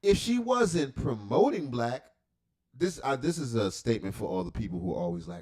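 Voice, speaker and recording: A man rambles through a casual livestream reaction, cursing and joking as he goes. His pitch swings widely from low mutters to sudden high jumps, while his voice sits at an ordinary middle height. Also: sing-song, normal speed, a little mellow. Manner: rambling, profane, joking asides.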